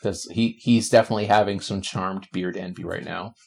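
A man's voice: low voice, fairly even intonation, brisk, vocal fry, slightly rough. A man acting as game master, narrating a tabletop game with joking asides.

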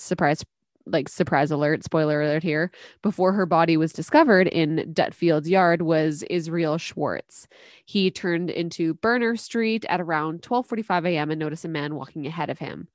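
A woman with a fairly low voice reads true-crime notes in a casual podcast chat. She trips over words now and then and breaks into laughter. Her voice sits close and dry, with no room sound. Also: dry recording. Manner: reads aloud, stumbles on words, laughs and jokes. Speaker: podcast co-host.

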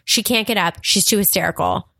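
Podcast guest, woman, mid pitch, chatty storyteller, dry close sound. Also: brisk, gravelly, no echo. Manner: animated, acts out quotes, laughs often. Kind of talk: casual storytelling chat.

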